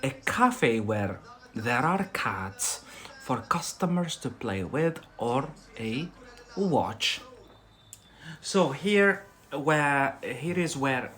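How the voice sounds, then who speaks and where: A man teaching English in a live lesson, talking very slowly at an average pitch. He explains step by step, hesitates often with fillers and restarts, and keeps checking with a quick "yeah?". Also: fairly bright tone. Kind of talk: live online vocabulary lesson.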